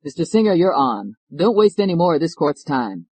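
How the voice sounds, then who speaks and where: A stern, impatient woman judge, as a male narrator puts her on, sharp and scolding from the bench. She is pitched a bit higher than his own reading, and the sound is dry and close. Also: very animated, normal speed, slightly rough, no echo.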